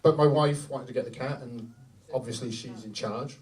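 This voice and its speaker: Heard from a distance over crowd noise, a middle-aged man with a mid-range voice performs a brash, profane stand-up set at normal speed. He tells stories on a comedy club stage with animated energy.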